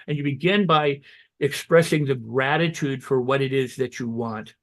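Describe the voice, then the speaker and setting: Speaking in a mid-range voice, this holistic health show guest gives self-help motivation in a loose, conversational style. He restarts often, says "you know," and slips into quick quoted bursts of excited self-talk.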